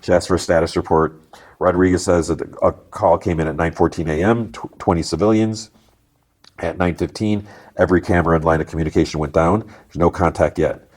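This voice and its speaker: A man with a very deep voice hosts a podcast and recaps a TV episode scene by scene. He rambles casually, leaning on fillers as he goes. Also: steady tone, fairly quick, a little mellow. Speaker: podcast host.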